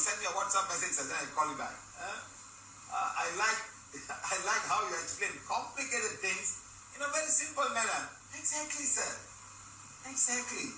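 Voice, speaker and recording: A man's voice: sits high, echoey room, recorded from a distance, background noise. A man in his sixties, founder of a healing group, chatting animatedly and laughing as he reads viewer comments in a live talk. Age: 60s. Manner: animated, chatty, laughs often, addresses listeners as guys and sir.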